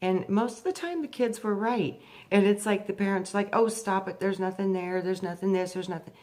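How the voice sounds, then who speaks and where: Woman sharing a spiritual experience, kinda low voice, goes quiet and slow then gets lively telling the story. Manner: animated, rises sharply when acting out her younger self; slow and hushed on spiritual points. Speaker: spiritual speaker.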